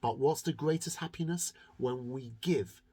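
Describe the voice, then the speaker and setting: A storyteller telling a holiday story to children in a lively, expressive way, drawing words out for effect. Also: medium pitch, moderate pace, husky.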